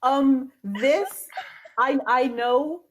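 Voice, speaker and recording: A woman's voice: high voice, drawn-out words, a little hiss or hum. A woman co-hosting a fan stream over a video call, gushing emotionally and laughing often. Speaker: podcast co-host. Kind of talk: excited fan stream chat.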